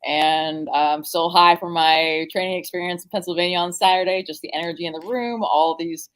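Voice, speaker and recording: Upbeat lower-voiced woman guest host. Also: steady tone, normal speed, a bit bright, low-quality recording. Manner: enthusiastic and upbeat. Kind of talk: casual political podcast chat.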